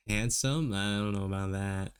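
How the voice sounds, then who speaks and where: Smooth and lowish, this American man's voice carries casual conversation with his viewers while he works on a drawing. His manner is easygoing, and he laughs frequently as he responds to chat.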